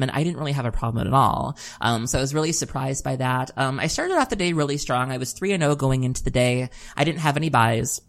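A woman co-hosting a podcast, telling a long story in casual chat, laughing often and filling pauses with "um". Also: very deep voice, creaky. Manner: chatty storytelling with frequent laughs and "um"s. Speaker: podcast co-host.

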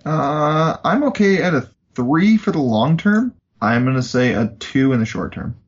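A man's voice: on the high side, lively intonation, unhurried, muffled recording. A man co-hosting a podcast, teasing the others and steering the card talk along. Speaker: podcast co-host. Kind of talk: casual card-review chat.

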